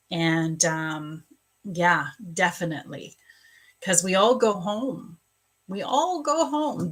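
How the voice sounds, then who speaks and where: A woman's voice: medium pitch, fairly bright tone, low-quality recording. Effusive woman giving psychic readings. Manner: effusive, emotional, rambling with fillers. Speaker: psychic medium and spiritual coach. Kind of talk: live-streamed psychic reading.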